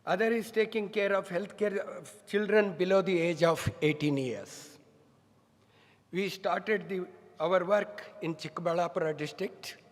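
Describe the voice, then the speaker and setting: A middle-aged man giving a formal welcome speech as a medical college director, measured and full of honorifics. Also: high voice. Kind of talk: formal ceremonial address. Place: large hall. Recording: long hall reverb.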